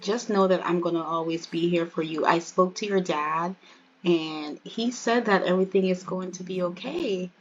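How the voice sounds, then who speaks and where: A woman's voice: fairly low pitch, normal speed, highs cut off, natural voice. A woman voicing a tender, devoted young man proposing to his girlfriend in a narrated life-sim story. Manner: earnest, reassuring.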